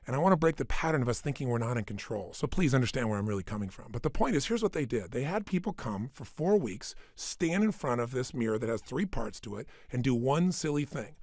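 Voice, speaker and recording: A middle-aged man delivers an energetic motivational talk, leaping between hushed asides and loud, emphatic bursts. His pitch sits fairly high for a man and moves with a lively range. He speaks close to a studio microphone with a dry, dead sound. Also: creaky, no room sound. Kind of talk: motivational talk recorded for audio program.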